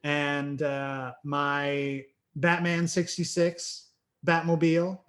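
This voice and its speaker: Slow-talking upbeat male host. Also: fairly high pitch, completely flat delivery, fairly bright tone. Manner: upbeat, brief enthusiastic reactions. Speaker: podcast host. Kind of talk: casual interview.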